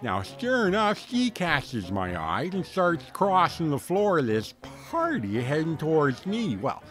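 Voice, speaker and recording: A man's voice: on the high side, huge pitch swings, unhurried, fairly bright tone, soft background music, heavily acted. A man playing a folksy, rambling storyteller, filling his comic tall tale with slang and fillers. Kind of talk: comic character monologue.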